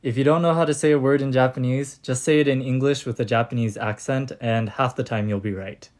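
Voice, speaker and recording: A man's voice: medium pitch, steady tone, fairly quick, a little mellow. A young man giving a comedic short-form language lesson, jokey and playful, full of puns, recorded on a phone. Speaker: language teacher on short videos.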